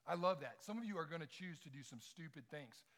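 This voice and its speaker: A middle-aged man preaching to a room full of people, his voice sitting a little high for a man. He tells his stories with animation and acts out the quoted lines loudly. His delivery builds from quiet, earnest points to lively bursts. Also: brisk. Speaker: campus ministry speaker. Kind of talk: sermon with personal stories. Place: large room with audience.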